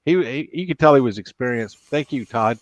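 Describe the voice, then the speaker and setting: A man's voice: mid-range voice, fairly quick, no room sound. A man hosting a late-night live stream, chatting casually and rambling through road stories and corny jokes. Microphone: computer mic.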